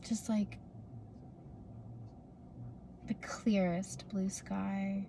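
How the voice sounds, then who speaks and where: A young woman talks into a phone propped up in her parked car, rambling through a casual vlog with plenty of fillers and restarts. Her voice is soft and mellow. A faint hum of ambient noise sits behind her. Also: medium pitch, flat delivery, slow pace, gravelly. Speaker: vlogger.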